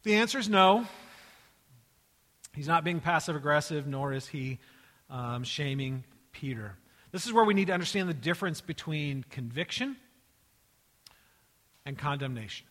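A man preaching a sermon, acting out the dialogue of the story in lively voices and dropping into hushed, quiet tones. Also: fairly high pitch, normal speed, long pauses, big-room sound. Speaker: pastor.

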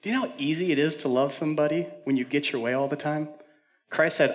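A male pastor preaching a sermon, moving between loud urgent declarations and hushed near-whispered storytelling, with casual fillers and self-deprecating humor. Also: on the high side, quick pace. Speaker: senior pastor.

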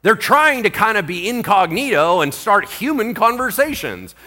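Man, pastor, preaching, bright forceful tone, very lively intonation. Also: high voice, moderate pace. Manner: animated, full of rhetorical questions. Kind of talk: Bible-teaching sermon.

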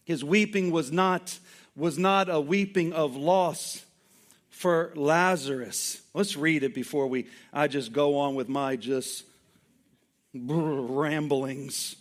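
A man's voice: fairly high pitch, slow pace. A male pastor preaching a sermon in an emphatic, conversational way, full of rhetorical questions and asides.

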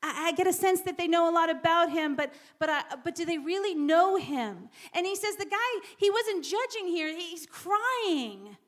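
A woman's voice: extremely high pitch, lively intonation, normal speed, few pauses. A woman preacher giving a sermon in a church, repeating words and dropping to whispers for emphasis.

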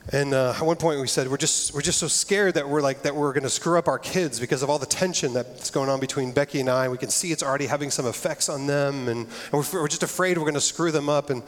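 A middle-aged pastor with a fairly high voice preaches a sermon, talking fast with hardly any pauses. He's earnest and conversational and often restarts his phrases, recorded with the long reverb of a large hall.

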